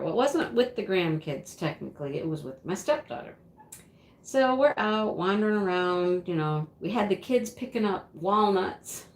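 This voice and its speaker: Chatty middle-aged woman host, lively storytelling voice, echoey room at home. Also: mid-range voice. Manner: chatty, laughs often, many fillers. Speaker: craft channel host. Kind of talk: casual livestream storytelling.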